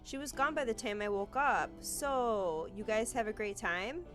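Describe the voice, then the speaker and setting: Woman doing a perky teasing roommate in a story game, voice lifted a bit higher than her own. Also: a little slow, fairly bright tone, faint music behind, natural voice.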